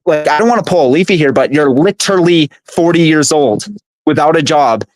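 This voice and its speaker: A man's voice: on the high side, brisk, dry recording. A man hosting a live stream, venting at length with casual swearing. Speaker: streamer host. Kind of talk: profane drama stream commentary.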